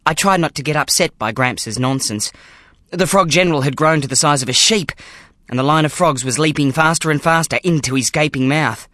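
An audiobook reader narrating a children's story in the first person with dramatic, expressive delivery. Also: medium pitch, brisk, dry recording, studio quality. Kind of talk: scripted narration.

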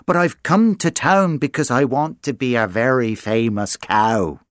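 A storyteller voicing a young female cow who dreams of fame, in an earnest, bright way. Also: mid-range voice, a little slow, no echo, clean studio sound, close to an everyday voice. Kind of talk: storybook read-aloud.

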